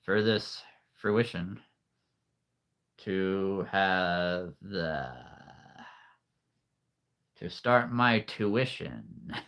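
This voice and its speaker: A man's voice: low voice, drawn-out words, vocal fry, pauses often, a bit bright. A man hosting a casual livestream, rambling through viewer comments with frequent chuckles and playful wordplay, a little out of breath. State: a bit out of breath. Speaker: livestream host, figure collector.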